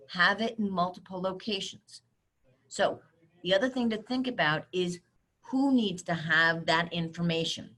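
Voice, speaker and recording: A middle-aged woman giving a webinar talk, handing out brisk, direct advice. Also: fairly low pitch, fairly bright tone. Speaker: webinar speaker on cybersecurity. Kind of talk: webinar presentation.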